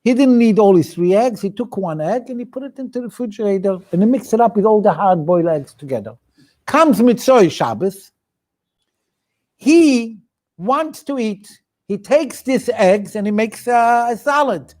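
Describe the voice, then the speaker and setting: A man's voice: sits high, animated, moderate pace, a little mellow. A man with a Yiddish-inflected English accent, a rabbi teaching a weekly study class in a chanting cadence, often restarting his sentences. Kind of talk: Talmudic study lecture.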